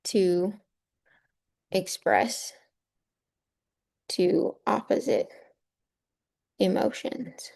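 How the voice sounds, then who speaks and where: A woman's voice: mid-range voice, very slow, gravelly, long pauses, darkish tone, breathy edge. A woman teacher walking through a poem on a shared screen, patiently explaining and checking in with a rhetorical "right?". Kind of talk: screen-share lesson walkthrough.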